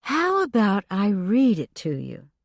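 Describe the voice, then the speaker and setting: A woman narrator voicing a breathy, scatterbrained female fire dispatcher in an audiobook, with an eager, pleading manner. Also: medium pitch, wildly swooping pitch, unhurried, dry recording, studio quality, pitched above the performer's own voice, full character voice. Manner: eager, pleading, then frantic. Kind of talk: audiobook character voice.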